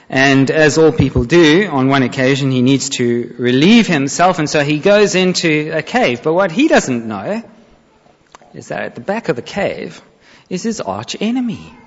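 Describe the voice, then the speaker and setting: A man preaching a sermon, retelling a Bible story with expressive storytelling and acted-out quotes. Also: on the high side. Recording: reverberant hall, dull lo-fi sound.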